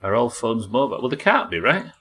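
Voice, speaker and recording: A man streams a game live in a sing-song, brisk, medium-pitched voice, chatting, cracking jokes and reading viewer comments aloud. Game music plays behind him, and the recording quality is low.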